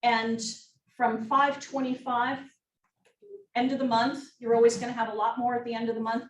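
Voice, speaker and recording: A woman's voice: fairly high pitch, flat delivery, normal speed. Woman, team meeting presenter, upbeat, jokey asides, echoey room, faint background noise. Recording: roomy, distant mic, faint noise.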